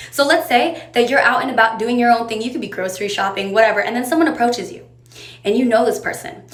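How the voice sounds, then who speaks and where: A woman talks straight to camera, handing out friendly advice in a chatty, direct manner. Her voice sits at a middling pitch. The room around her rings with a noticeable echo. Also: fairly bright tone. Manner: direct, chatty, coaxing the viewer along. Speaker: advice creator. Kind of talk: casual advice monologue to camera. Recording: roomy echo.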